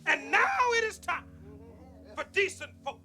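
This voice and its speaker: Fiery preacher, booming sermon voice, high and bright, faint film score behind. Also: male voice, animated, unhurried, faint music behind, heavily acted. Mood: rousing. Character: fiery male church preacher rallying his flock.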